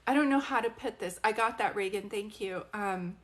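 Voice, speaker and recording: A woman's voice: mid-range voice, normal speed, a bit bright. A woman working as a psychic medium, giving live social media readings in a chatty, rambling way and asking viewers questions.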